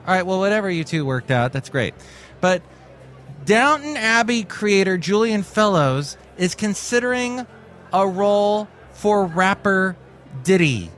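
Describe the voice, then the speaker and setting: A man's voice: high voice, sing-song, a little slow, a bit bright, faint music behind. A man hosting a casual comedy podcast, jokey and rambling with silly asides. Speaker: podcast host.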